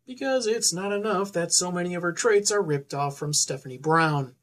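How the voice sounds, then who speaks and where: Lower-voiced snarky woman reviewer. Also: moderate pace. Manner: snarky, exasperated. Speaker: comic book reviewer. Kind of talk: comedic commentary.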